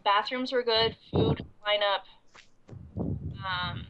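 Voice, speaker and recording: A young woman with a congested, coughing voice tells a rambling story in casual chat. Her pitch sits in the middle, and her talk is full of ums and restarts. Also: very slow, dull audio, noisy background. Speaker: convention goer recapping the event.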